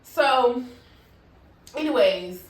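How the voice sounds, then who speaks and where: A fairly high-voiced woman tells a storytime tale to her channel in a loose, conversational way, swearing freely and checking in with "you feel me." Her voice is set back from the mic, and the room around her rings with echo. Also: lively intonation, extremely slow. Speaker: vlogger. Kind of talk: casual storytime. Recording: echoey room, voice from a distance from the mic.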